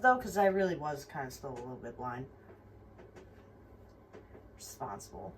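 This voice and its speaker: With a very deep voice and lively intonation at normal speed, this young woman vlogs a personal story, frank and rambling, swearing a lot and leaning on fillers. Faint room noise comes through the somewhat distant mic.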